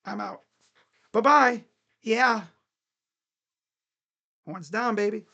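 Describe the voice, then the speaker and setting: A man hosting a casual sports recap vlog, hoarse with his voice nearly gone, talking like an excited, rowdy fan. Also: very high-pitched, slow pace, long pauses. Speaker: sports fan channel host.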